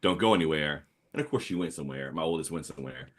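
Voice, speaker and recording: Deep-voiced New Orleans man, rambling. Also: fast talker. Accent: New Orleans Yat. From New Orleans area. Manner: rambling, animated storytelling with many fillers. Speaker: comics artist guest. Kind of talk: casual podcast chat.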